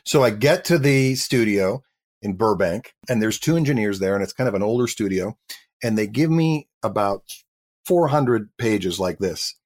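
Man telling an animated anecdote. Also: fairly low pitch, moderate pace. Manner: animated storyteller acting out dialogue. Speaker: actor guest. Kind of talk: interview anecdote.

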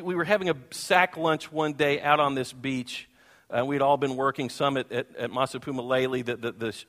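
Pastor guy telling a story from the pulpit, slightly high voice, acts out the voices, long echo from the hall. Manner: animated, acts out voices and sings. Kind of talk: storytelling sermon. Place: church hall.

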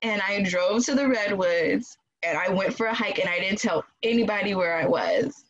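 A woman casually telling a personal story in an animated way, acting out quoted voices and laughing often. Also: mid-range voice, normal speed, dull audio, over a noisy crowd. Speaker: guest telling her birth story.

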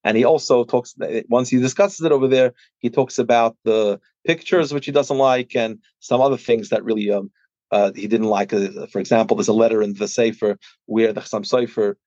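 A man's voice: medium pitch, steady tone, a little fast, darkish tone, dry recording, dull audio. A man, explaining a book he published in a casual scholarly way, with many restarts and fillers. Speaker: podcast guest discussing a published book.

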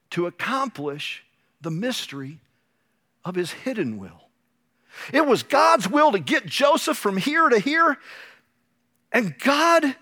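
Brief: male pastor, lively storyteller, slightly high, bright and forceful, quick humorous asides. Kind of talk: sermon.

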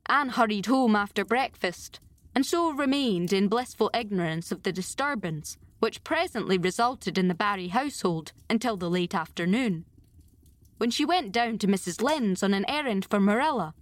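Reading from a script, a woman audiobook narrator tells a classic novel in a measured, expressive manner. Her voice is mid-range, and there is no room sound.

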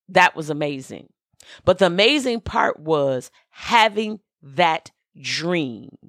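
A woman minister gives a motivational podcast talk in a low voice. She speaks slowly and deliberately, repeating her key lines and telling listeners exactly what to do. The sound is close and dry, with no room echo. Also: animated, a bit bright. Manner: emphatic, repeats key phrases, gives direct instructions.

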